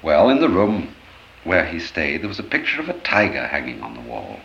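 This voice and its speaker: A man giving an expressive storytelling lecture, acting out the anecdotes as he goes. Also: low-pitched, brisk, creaky, slight background noise. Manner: expressive, animated, acts out stories. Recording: roomy, dull old lecture recording.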